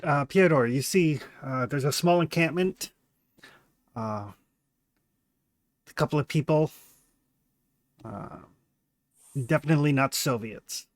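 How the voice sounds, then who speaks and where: A man's voice: on the high side, slow, long pauses, dry recording. Hesitant male game master. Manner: hesitant, filler-heavy narration. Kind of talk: narrating a tabletop game.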